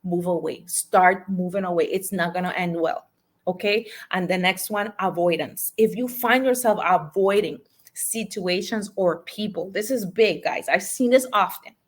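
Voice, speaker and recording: A woman's voice: on the low side, normal speed. A woman, a life and business coach, giving emphatic motivational podcast talk and urging listeners to repeat affirmations.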